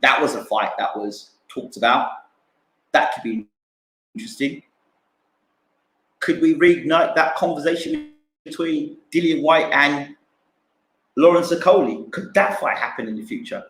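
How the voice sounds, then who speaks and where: A man's voice: on the high side, animated, a little slow, pauses often, fairly bright tone, roomy sound, slight background noise, rough recording. A man giving casual boxing fight analysis, repeating himself and acting out punches with sound words. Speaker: boxing pundit streamer.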